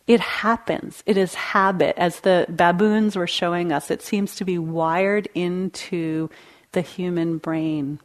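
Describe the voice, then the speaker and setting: A woman meditation teacher giving a dharma talk in a gentle, conversational way, laughing lightly now and then. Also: lowish voice, steady tone, slow. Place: meditation hall.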